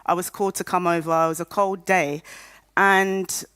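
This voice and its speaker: A woman's voice: fairly low pitch, steady tone, normal speed, a bit bright, clean tone, no room sound. A woman in her thirties telling her personal story to a conference audience, candid and humorous, acting out the voices of people she quotes. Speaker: patient speaker at a conference. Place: conference stage.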